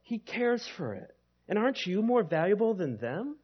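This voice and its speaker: A male pastor delivers a sermon with a high, very lively voice that swings up and down. He preaches in an emphatic, conversational way. The recording sounds slightly dull and lo-fi. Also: normal speed, breathy edge.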